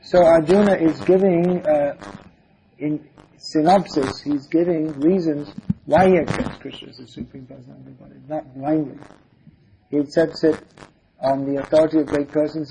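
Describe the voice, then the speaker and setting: A man's voice: fairly high pitch, warm tone, rough recording. A man lecturing on scripture in a devotional talk, asking rhetorical questions and chanting verses. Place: lecture hall. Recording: faint background noise, older recording.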